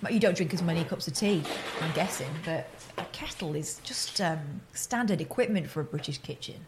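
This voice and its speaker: A woman from the United States co-hosting a casual home livestream from a kitchen, wry and quick to laugh. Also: on the low side, expressive. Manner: wry, laughs often, teasing. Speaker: co-host. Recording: clear background noise.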